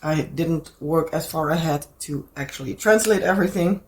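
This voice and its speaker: A woman with a Dutch accent, hoarse from a cold, hosting a casual rambling craft chat and pausing now and then to find the right words. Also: sits low, a little mellow. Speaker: crafting channel host.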